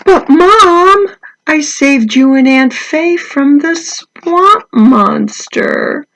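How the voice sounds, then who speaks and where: A woman's voice: high-pitched, lively intonation, drawn-out words, fairly bright tone, voice pushed up, heavily acted, rough recording. A woman voicing a young boy from a picture book, speaking in an earnest, childlike way. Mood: protesting. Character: young boy, cheeky but kind.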